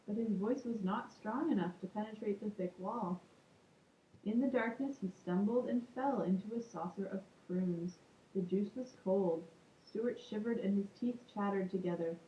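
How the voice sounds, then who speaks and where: A woman reading a children's book aloud calmly, adding casual asides. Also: medium pitch, normal speed, a little hiss or hum. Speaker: storybook reader. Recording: echoey room, muffled lo-fi sound.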